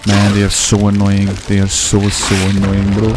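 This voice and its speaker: A man's voice: on the low side, monotone, normal speed. A man hosting a casual let's-play, joking and talking to himself as he plays. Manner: joking, talks to himself while playing. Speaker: gaming channel host. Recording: game music playing loudly behind the voice. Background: game music.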